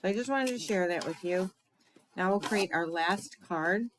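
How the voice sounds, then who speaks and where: A woman's voice: on the low side, moderate pace, slight background noise, poor audio. A woman hosting a card-making tutorial in a chatty way, often checking in with "right?" and laughing at her own slips. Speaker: crafting demonstrator.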